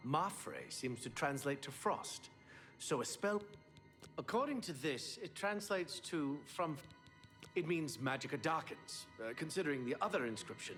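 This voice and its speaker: A man's voice: on the high side, fairly bright tone. An actor playing a male mage scholar in a video game, earnest and a little weary as he studies a strange relic. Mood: eager.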